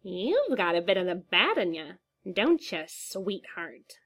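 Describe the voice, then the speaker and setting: A woman voicing a menacing male clown villain, in a high, nasal voice that swings up and down in a sing-song and stretches odd syllables, read as part of a story. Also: sing-song, slow pace, a bit bright, full character voice. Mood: taunting.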